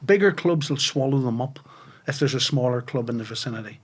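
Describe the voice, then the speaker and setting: A man's voice: medium pitch, a little fast, slightly rough. A man, a podcast guest telling comic stories in a casual chat. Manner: animated anecdotes with voices and laughter.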